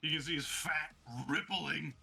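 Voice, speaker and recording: A man narrating a tabletop game as game master, excitable and vivid, like play-by-play. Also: fairly high pitch, measured pace, creaky.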